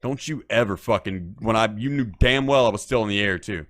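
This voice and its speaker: A man's voice: lowish voice, a little fast, fairly bright tone. Profane mocking man hosting a late-night show. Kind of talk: casual on-air rant.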